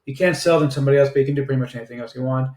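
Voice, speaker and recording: A man giving a casual product review and sales pitch, chatty and sprinkled with filler "uh"s. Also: very fast, a little mellow. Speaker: online marketer reviewing software. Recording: roomy echo.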